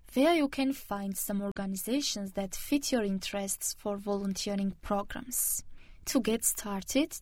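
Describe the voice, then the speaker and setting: A woman hosting a radio show, reading a scripted segment in a steady, measured way. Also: mid-range voice, dry recording.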